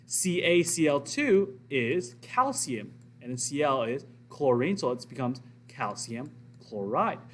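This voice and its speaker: A man's voice: medium pitch, big pitch swings, slow pace, few pauses, fairly bright tone, a little hiss or hum. A man teaching a recorded science lesson, explaining step by step and asking and answering his own questions.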